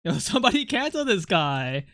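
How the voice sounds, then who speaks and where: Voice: mid-range voice, very animated, moderate pace, fairly bright tone, no echo, clean studio sound. A streamer who chats with viewers while drawing, rambling and joking, swearing a lot and laughing often. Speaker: art streamer chatting with viewers. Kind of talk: casual live-stream chat.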